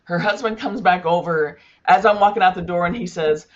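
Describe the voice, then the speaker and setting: A woman's voice: on the low side, brisk, few pauses, dull audio. A woman who runs a roofing business, telling a personal story candidly in a panel discussion, with frequent fillers.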